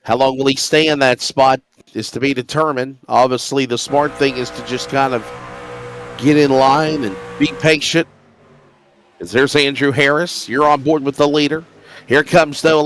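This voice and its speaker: A man's voice: a little high, measured pace. A man calling a sim race as play-by-play commentator, sounding stuffy while recovering from illness. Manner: energetic, builds to loud race-start calls.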